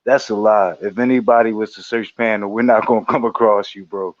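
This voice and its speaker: A man's voice: fairly low pitch, steady tone, fairly quick. Blunt man on a muffled call. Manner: blunt, dismissive. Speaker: panel guest. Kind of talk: casual livestream panel chat. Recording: dull lo-fi call audio.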